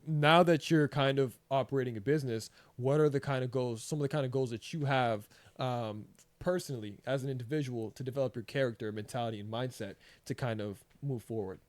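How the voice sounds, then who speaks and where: A man's voice: mid-range voice, brisk, no room sound. A man hosting a podcast interview, chatty and encouraging, peppering his talk with "you know" and "man". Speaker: podcast host.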